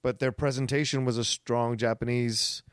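An enthusiastic man co-hosting a casual podcast, thinking aloud and correcting himself as he goes. His voice sits at a middling pitch and sounds dry and close, with no room around it. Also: steady tone, normal speed, no room sound. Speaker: podcast co-host. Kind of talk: casual chat.

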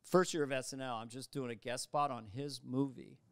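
A man telling stories as a guest comedian in casual conversation, animated and slipping into voices, on a studio mic. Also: medium pitch, fairly quick, smooth, no room sound. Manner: animated, slips into voices and quotes mid-story. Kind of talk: casual interview storytelling. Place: podcast studio.

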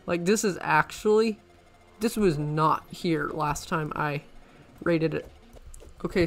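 A man giving let's-play commentary as a gaming channel host, excitable and rambling, often breaking into panicked exclamations. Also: fairly high pitch.

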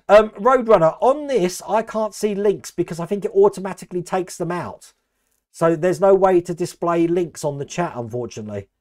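A man's voice: fairly high pitch, darkish tone. An older man from Australia with a mixed Australian and Essex English accent, hosting a live stream and chatting casually as he answers viewers' comments by name.

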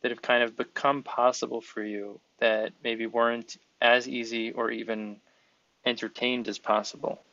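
Bright, earnest male podcast host. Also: mid-range voice, level tone, moderate pace, no echo. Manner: earnest, encouraging, talks in long flowing sentences. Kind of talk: conversational interview. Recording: dull, slightly lo-fi sound.

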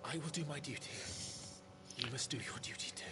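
A man's voice: mid-range voice, fairly quick, close to an everyday voice. A man playing Clive, a solemn young knight. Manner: solemn, dutiful, hushed at times. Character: earnest young male knight, protective elder son. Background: game music.

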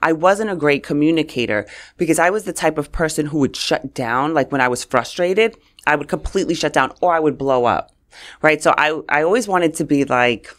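A middle-aged woman from New York, a communications coach chatting as a podcast guest and telling stories with lively acted-out lines. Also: low-pitched, fairly quick. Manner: animated storyteller, laughs often, acts out her own past lines. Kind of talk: casual podcast conversation.

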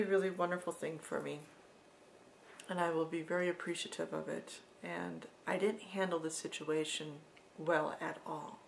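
A middle-aged woman telling an emotional personal story in a vlog, halting and sometimes dropping to a soft whisper. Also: on the low side, gravelly, slight background noise. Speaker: vlogger.

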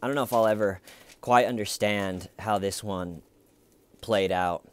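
A man's voice: on the low side, measured pace, a little hiss or hum. A man giving casual true crime commentary, musing aloud in a wry tone with hesitant restarts.

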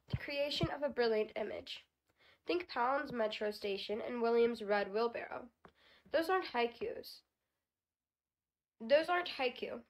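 A woman's voice: fairly high pitch, low-quality recording. A teenage girl reading a nonfiction book aloud as a homemade audiobook, with small slips she corrects as she goes. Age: teens.

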